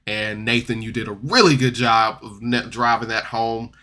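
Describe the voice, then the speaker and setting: A man recapping a tabletop game podcast episode in a loose, rambling way, jumping between loud outbursts and mumbled asides. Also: medium pitch, normal speed. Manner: rambling, loose, full of "like" and restarts. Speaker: podcast reviewer. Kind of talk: casual recap and commentary.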